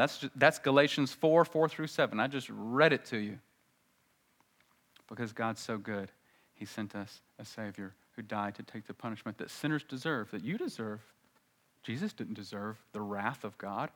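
A man preaching a sermon, dropping to a hushed low voice and then rising loud and high for emphasis. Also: a little slow.

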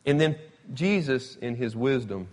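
A man's voice: medium pitch, a little slow. Conversational preacher man. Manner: conversational, emphatic, retells scripture with animated quotes. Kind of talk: Bible teaching sermon. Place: church or classroom with slides.

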